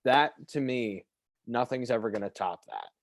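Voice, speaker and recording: A man's voice: mid-range voice, expressive, moderate pace, no echo, studio quality. A young man in casual podcast chat, earnest and emphatic as he describes something he loved.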